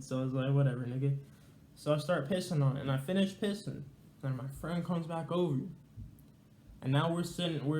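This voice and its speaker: Give me a young man telling a casual story, with a soft hum behind him. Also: mid-range voice, reverberant. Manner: slangy, rambling, conversational. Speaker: storyteller vlogger.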